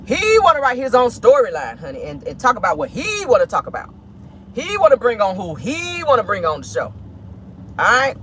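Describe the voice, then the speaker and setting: Female host, lively sassy gossip talker, light car noise in the background. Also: on the high side. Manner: sassy, animated, slangy, laughing asides. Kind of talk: casual celebrity gossip commentary. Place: in a vehicle.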